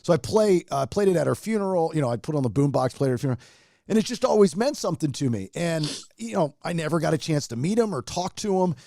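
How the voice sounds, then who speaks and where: A man's voice: fairly high pitch, expressive, fast talker, vocal fry, mellow, no room sound, clean studio sound. A man who is a radio personality, a guest on a podcast, telling a heartfelt personal story in a rambling, emotional way with many restarts. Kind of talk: casual storytelling chat.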